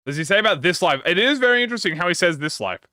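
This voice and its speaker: A man hosting a casual gaming reaction, excitable and slangy, swearing and laughing often. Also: high-pitched, very fast, dry recording, studio quality. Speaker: gaming channel host.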